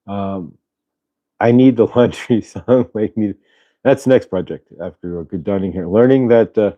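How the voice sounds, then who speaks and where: A man's voice: fairly low pitch, no room sound, dull audio. A man hosting a casual spiritual livestream, talking loosely and reading out viewers' chat messages. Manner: relaxed, rambling, reads chat aloud. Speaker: host.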